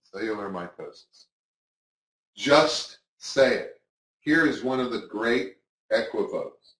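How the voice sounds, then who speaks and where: A man's voice: medium pitch, expressive, slow pace, fairly bright tone, roomy sound, poor audio. A man teaching magic tricks in a casual, chatty way, acting out his patter to imagined spectators. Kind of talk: instructional talk to camera.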